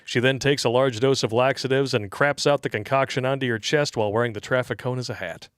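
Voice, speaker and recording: A man co-hosting a livestream, reading viewer tips aloud and riffing on them with crude, mocking humor. His voice sits at an ordinary middle pitch, recorded close and dry with no room sound. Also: steady tone, quick pace, smooth, no echo. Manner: crude joking, reads tips aloud, laughs at own jokes. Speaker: livestream co-host reading donor messages. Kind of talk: casual livestream chat.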